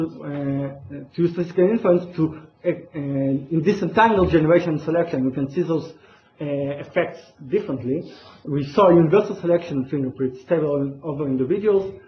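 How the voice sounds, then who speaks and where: Male conference presenter, fairly high voice, halting with frequent fillers, roomy lo-fi hall sound. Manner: hesitant, many fillers and restarts. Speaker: conference speaker. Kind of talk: academic conference talk. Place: large lecture hall. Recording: echoey lo-fi hall recording, faint noise.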